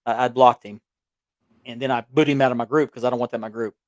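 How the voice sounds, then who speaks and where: A man co-hosting a collectors' chat show about belts speaks quickly in a steady mid-range voice, telling a rambling story full of restarts and chuckles. He's calling remotely from a small-town home with audio delay; the sound is studio quality with no echo.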